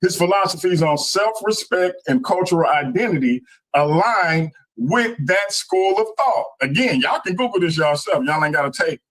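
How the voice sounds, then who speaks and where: A man's voice: sits high, expressive, normal speed, fairly bright tone, rough recording. A man making his debate case, talking casually to the audience and reading out points. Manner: casual, addresses the audience as y'all.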